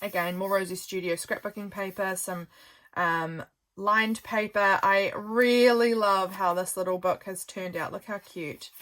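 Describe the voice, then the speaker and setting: Speaking a little slowly in a steady, medium-pitched voice, a New Zealand woman casually shows off the journals she makes. Tired and yawning, she still gushes and rambles softly in this chatty craft show-and-tell.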